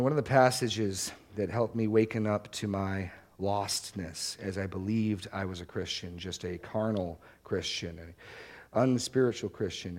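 A man's voice: lowish voice, darkish tone. Earnest male preacher stressing each point. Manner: earnest preaching, slows and stresses key words. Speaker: pastor. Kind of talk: sermon.

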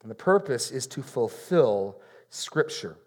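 A man preaching an expository sermon in an earnest way, repeating key phrases for emphasis and going quiet on solemn points. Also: mid-range voice, big pitch swings, unhurried.

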